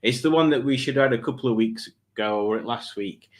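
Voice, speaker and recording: A man's voice: mid-range voice, a little fast. A man hosting a live stream, chatting casually and rambling from one tangent to the next. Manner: rambling, playful, breaks into silly put-on voices.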